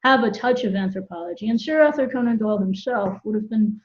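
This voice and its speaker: A woman's voice: medium pitch, fast, muffled recording. A woman from Florida, a university professor, talking in an articulate, easygoing way as a guest on a video-call podcast. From Florida, United States. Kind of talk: casual video-call interview.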